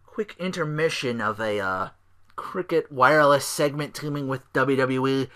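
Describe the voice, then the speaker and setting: A man alone at the mic running his own podcast, with a bright, forceful edge in his voice. He rambles through a recap full of fillers and restarts. His tone stays sarcastic and profane, with mocking put-on voices and tired sighs. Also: medium pitch, normal speed. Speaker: podcast host.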